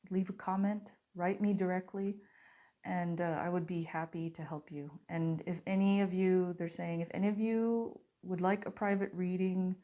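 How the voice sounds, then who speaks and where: A woman with a lowish voice gives a spiritual card reading to her viewers. Her tone is mellow and warm, and she speaks in an earnest, softly conversational way. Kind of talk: channeled oracle reading to camera.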